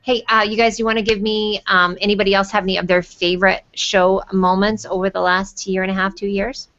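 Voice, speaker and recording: A woman's voice: mid-range voice, flat delivery, brisk, a bit bright, lo-fi sound. A woman hosting a casual video call chat, playful and chatty, cursing now and then. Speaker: host.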